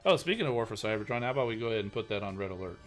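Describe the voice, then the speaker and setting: A man's voice: fairly low pitch, lively intonation, very fast, soft background music. A man streaming a mobile game live and chatting casually, rambling and self-deprecating with lots of fillers.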